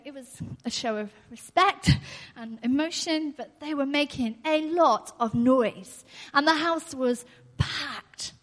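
A woman preaching a sermon in an earnest way, repeating her key phrases and laughing often. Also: high-pitched. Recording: long hall reverb.

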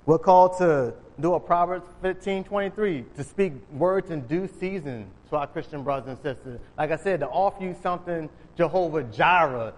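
A man's voice: on the high side, moderate pace, hardly any pauses. A man preaching an informal sermon, retelling Bible stories in casual, conversational speech and acting out the characters. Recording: long hall reverb.

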